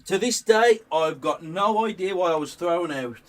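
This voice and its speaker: A man's voice: high voice, animated, normal speed, far from the mic. A young man, a guest on a game stream, telling a story in casual chat, rambling with restarts and laughing often.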